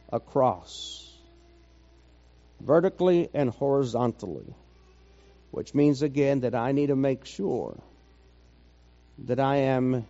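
A man preaching a sermon, slow and measured, building to fervent intensity and then dropping low and quiet. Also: in a large hall, highs cut off.

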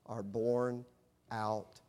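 A middle-aged pastor, a man, preaching with animated storytelling that swings from hushed to loud. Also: medium pitch, very slow. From United States. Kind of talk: sermon.

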